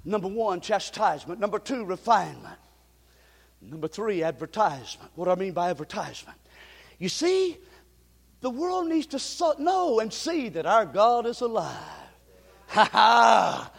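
A male pastor preaching a fiery sermon, shouting in rhythmic refrains and counting off numbered points. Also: sits high, big pitch swings, measured pace, gravelly, big-room sound.

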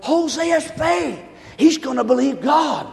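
A male pastor preaching a sermon to his congregation, swinging from quiet, hushed lines to loud shouting. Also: extremely high pitch, lively intonation, slow pace, gravelly, big-room sound. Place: large church.

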